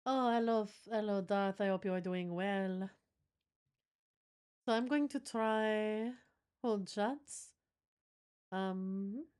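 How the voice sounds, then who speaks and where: A woman's voice: medium pitch, slow, long pauses, darkish tone, clear, resonant tone. A woman streamer chatting casually with her viewers, swearing now and then as she fixes her audio setup. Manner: chatty, swears, talks to chat while troubleshooting. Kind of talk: casual live-stream chat.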